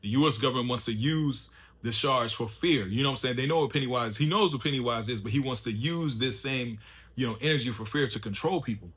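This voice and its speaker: A man's voice: medium pitch, quick pace, fairly bright tone, slightly rough. A man giving a loose, chatty spoken recap of a TV episode, full of slang and fillers. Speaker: TV show reviewer.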